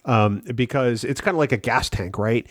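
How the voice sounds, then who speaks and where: Male podcast co-host, mid pitch, dry close sound, measured and explanatory. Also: no room sound. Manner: thoughtful, explains with everyday comparisons, many ums. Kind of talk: casual podcast chat.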